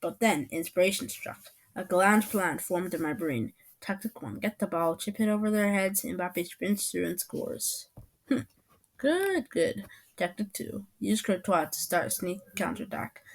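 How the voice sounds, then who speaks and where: A woman reading a first-person story aloud, in a playful, animated storytelling manner. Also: lowish voice, moderate pace, hardly any pauses.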